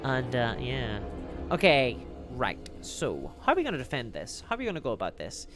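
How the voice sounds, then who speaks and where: Over music, a man with a medium-pitched voice streams a strategy game live, talking at normal speed in a lively, rambling, casual way as he plays and reads the chat.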